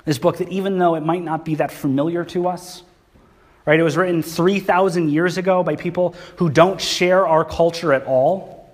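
Casting: man, pastor preaching a casual sermon, fairly high voice, asks the room questions. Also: steady tone, normal speed. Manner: conversational, asks the congregation questions. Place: church hall.

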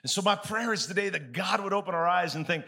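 A man preaching a sermon as pastor, telling stories by acting out both sides of a conversation and getting the congregation to say words out loud. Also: high-pitched, fast talker. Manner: animated storytelling, acts out both sides of conversations; calls on the congregation to answer aloud.

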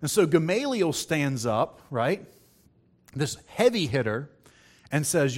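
A man preaching a sermon to a congregation, reading scripture aloud and acting out the quotes in a lively, conversational way, with questions to his audience. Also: fairly high pitch, takes it slowly, long pauses.

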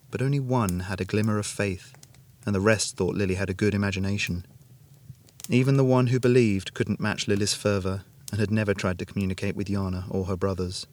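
A man reading a fantasy story aloud as narrator, in a steady, measured way. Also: on the low side. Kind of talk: scripted narration.

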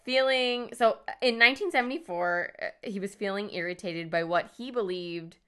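A woman co-hosting a podcast with a bright, clear voice. She recounts a crime story in a loose, chatty way, swearing and cracking jokes as she goes. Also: medium pitch, normal speed. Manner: swearing, joking, playful mock voices. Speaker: podcast co-host. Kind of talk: casual true-crime storytelling.

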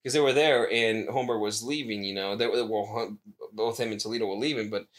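A man's voice: lowish voice, fairly even intonation, fairly quick. A man co-hosting a radio show, chatting casually and retelling stories with lots of swearing. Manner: profane storytelling with lots of retold quotes. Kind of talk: casual chat.

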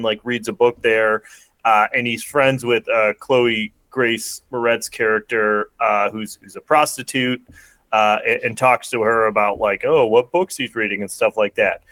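A man's voice: medium pitch, fairly even intonation, moderate pace, a bit bright, dry recording. A man hosting a casual podcast chat who recaps a movie in a rambling way, full of fillers. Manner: rambling, filler-heavy summarizing. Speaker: podcast host.

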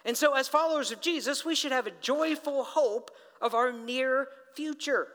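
A middle-aged pastor with a strikingly high, bright and forceful voice preaches a story-driven sermon. His words ring out with a long reverb across the church hall, and he often turns to speak directly to the congregation. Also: normal speed. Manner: storytelling, animated, addresses people directly.

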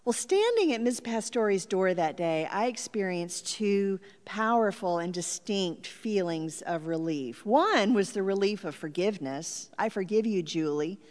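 A woman pastor telling a personal story in a reflective sermon. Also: mid-range voice. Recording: long hall reverb.

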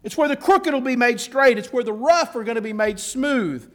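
A man's voice: very high voice, animated, normal speed. A male pastor preaching a sermon, earnest, stretching key words for emphasis, repeating phrases, and dropping in casual asides. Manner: informal asides with a self-correcting laugh.

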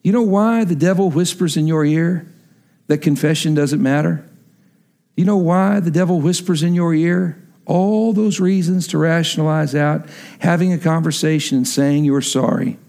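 A middle-aged man preaching a sermon as pastor, telling a story and then dropping into earnest, hushed emphasis. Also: fairly high pitch, moderate pace.

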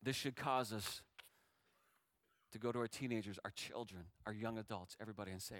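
Bright, clear-voiced male pastor preaching. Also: on the low side, a little fast, pauses often, no echo. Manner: swings from hushed tender lines to loud rising exhortation. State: emotional, near tears. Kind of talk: sermon.

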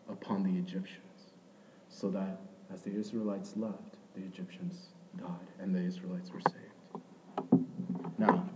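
A young man preaching with a mellow, warm voice, chatty and personal rather than formal. He swings between loud, emphatic bursts and quiet, near-whispered asides. A faint hum of room noise sits behind him. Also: mid-range voice, rough recording. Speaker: pastor. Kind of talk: sermon.

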